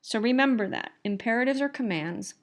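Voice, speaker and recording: Brisk and expressive, with a voice on the high side, a middle-aged woman teaches English grammar in a recorded lecture. As an instructor, she explains patiently and keeps repeating the main points.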